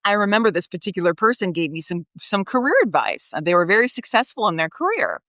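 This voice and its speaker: A woman hosts a podcast, leading listeners through a reflection exercise before sliding into a personal story. Her talk is loose and conversational, full of "like" fillers. Her pitch sits mid-range but swings widely, and the recording is dry and close. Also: very animated, fast, pushed and bright, no echo. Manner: conversational, many "like" fillers, laughs often. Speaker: podcast host and hypnotherapist.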